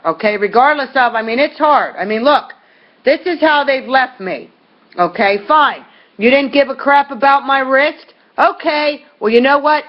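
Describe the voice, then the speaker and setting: A middle-aged woman at home, making a pleading, rambling appeal straight to her viewers, full of fillers and restarts. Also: fairly high pitch. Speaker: vlogger. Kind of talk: impassioned direct-to-camera appeal. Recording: dull lo-fi recording.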